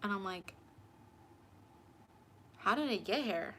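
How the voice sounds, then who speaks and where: A woman's voice: mid-range voice, expressive, slow pace, pushed and bright. A young woman hosting her tarot channel, casually telling a personal story to camera and acting out both sides of the conversations.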